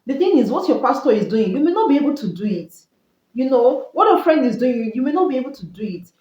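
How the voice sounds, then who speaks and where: A woman's voice: high voice, sing-song, quick pace, darkish tone. A woman giving Christian marriage advice in an earnest, repetitive teaching style. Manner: earnest, repetitive preaching cadence. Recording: roomy, dull lo-fi sound.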